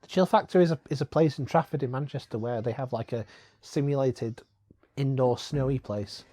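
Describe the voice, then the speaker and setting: A man's voice: mid-range voice, fairly quick, warm tone, no room sound. A young man co-hosting a casual, comedic film commentary, joking and laughing often. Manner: jokey, laughs often, does silly quoted lines.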